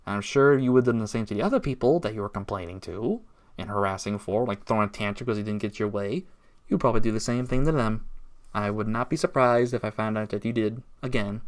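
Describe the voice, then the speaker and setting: A man's voice: fairly low pitch, a little fast. A man ranting in a casual vlog, aggrieved and sarcastic, taunting his target. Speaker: YouTuber.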